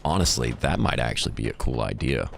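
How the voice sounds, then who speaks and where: A man's voice: very deep voice, very animated, quick pace, gravelly, slight background noise. A man streaming live in casual chat, jokey and rambling, laughing often and restarting his words.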